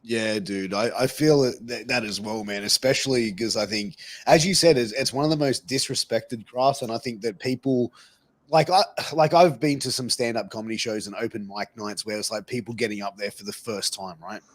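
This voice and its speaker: A man's voice: medium pitch, fairly quick. A man hosting a casual interview, swearing freely and calling his guest bro. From Australia. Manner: matey, swears casually, says bro and dude. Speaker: podcast host.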